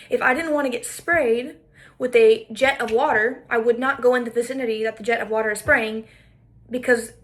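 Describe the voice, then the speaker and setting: A podcaster with a high, somewhat bright voice tells a story as a commentary monologue. She sounds emphatic and indignant, repeating her points to give them weight.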